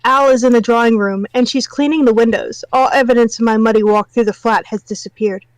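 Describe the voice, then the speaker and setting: A woman's voice: on the high side, a little fast, no echo, poor audio. A woman reading a novel aloud on a livestream as a guest reader, breaking off for wry comments.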